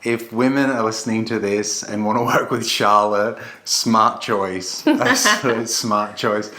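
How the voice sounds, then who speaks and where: Man, very low voice, earnest coach who loves a metaphor. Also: expressive, measured pace, bright, forceful tone. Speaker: podcast co-host, relationship coach. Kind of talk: casual podcast conversation.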